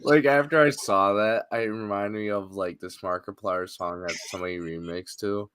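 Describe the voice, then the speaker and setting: A man co-hosting a casual podcast, teasing his co-host with quick jokes. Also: on the low side, steady tone, fairly bright tone, clear, resonant tone, no room sound. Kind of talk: casual chat.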